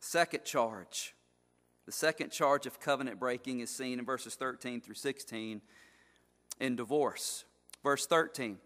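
A man's voice: medium pitch, unhurried, a bit bright. A man preaching an expository sermon as pastor, with an emphatic, repetitive cadence. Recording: long hall reverb.

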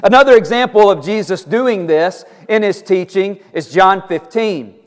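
Emphatic high-voiced male preacher, reverberant hall. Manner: deliberate, emphatic preaching with repeated phrases. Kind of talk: sermon.

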